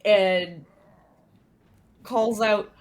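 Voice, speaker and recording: A woman plays a tabletop game with the group, joking playfully. She speaks slowly in a mid-range voice. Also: mid-range voice, fairly even intonation. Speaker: player.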